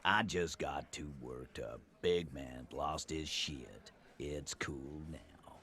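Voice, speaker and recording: An actor playing a burly, hot-tempered male gang boss in a video game, gruff and swearing. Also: extremely low pitch, expressive, slow, exaggerated voice. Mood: subdued.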